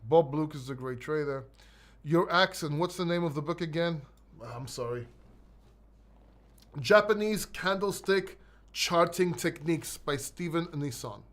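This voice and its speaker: A man with a high voice and a mixed London and Greek accent hosts a live crypto Q&A. He is blunt and emphatic, drops the odd swear word, and stumbles over repeated words as he answers viewers' questions. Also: a little slow, fairly bright tone. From born in London, raised in Greece. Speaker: crypto livestream host. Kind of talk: live Q&A, reading chat questions.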